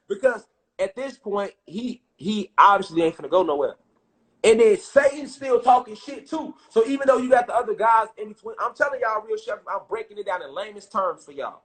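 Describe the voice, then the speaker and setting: Animated, profane man telling a story. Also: high-pitched, fairly quick. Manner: profane, animated, street slang; gets loud and excited at times. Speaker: speaker. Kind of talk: casual spiritual storytelling.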